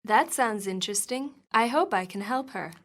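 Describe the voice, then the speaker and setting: A woman reading scripted dialogue for an English lesson, in a clear, even manner. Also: mid-range voice, normal speed.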